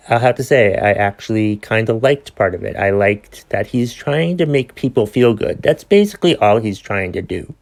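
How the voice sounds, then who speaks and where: A man hosting his own podcast, ranting with exasperated sighs, swearing and many restarts. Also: on the low side. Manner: exasperated, profane, sighing rant with restarts. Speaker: podcast host.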